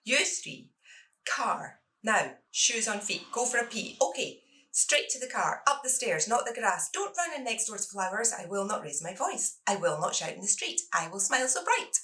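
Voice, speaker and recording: Bright-voiced Scottish woman author reading aloud. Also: mid-range voice, normal speed, poor audio. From Scotland. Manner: expressive reading, lively in the poem. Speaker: debut author. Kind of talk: reading her own prose and poetry.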